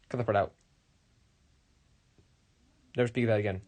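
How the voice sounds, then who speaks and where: A man's voice: lowish voice, fairly even intonation, normal speed, darkish tone. A teenage boy presenting a school project as a casual lesson, rambling and informal, with wry jokes and frequent self-corrections. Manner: wry, joking asides.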